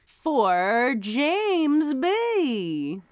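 A woman's voice: high-pitched, big pitch swings, drawn-out words, dry recording, studio quality. A woman co-hosting a podcast, laughing often and teasing. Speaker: podcast co-host. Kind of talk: casual podcast banter.

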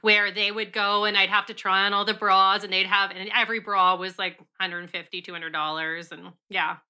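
Woman co-host, casual chat, bright tone, frank and animated storytelling. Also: medium pitch, normal speed, clear, resonant tone. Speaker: podcast co-host.

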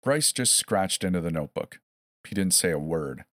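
A man's voice: low-pitched, expressive, moderate pace, no room sound. A man narrating a first-person horror story in a scripted way, with wry, dry asides.

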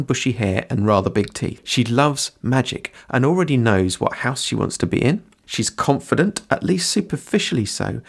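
A man hosting a writing podcast, explaining character in measured, scripted teaching narration. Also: mid-range voice, gravelly. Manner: measured, explanatory, quotes from books.

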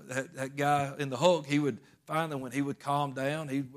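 A man's voice: medium pitch, level tone, normal speed. A man preaching a sermon in a folksy, emphatic storytelling way.

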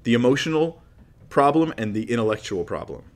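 A man's voice: mid-range voice, big pitch swings, a little fast. A man giving an apologetics teaching talk as a Christian teacher, speaking animatedly, acting out dramatic scenes and putting rhetorical questions to his listeners. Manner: asks the audience rhetorical questions.

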